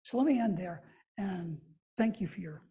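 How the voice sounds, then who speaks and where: Husky mellow guy giving a church talk, thinks out loud, keeps asking right?. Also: high voice, expressive, normal speed. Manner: thoughtful, restarts phrases, asks "right?". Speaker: guest lecturer. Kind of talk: church lecture.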